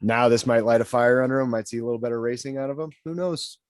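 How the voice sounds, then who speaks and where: A man's voice: mid-range voice, quick pace, dry recording, studio quality. A man co-hosting a podcast, speaking in an easygoing, slightly hesitant way. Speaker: podcast co-host. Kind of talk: casual chat.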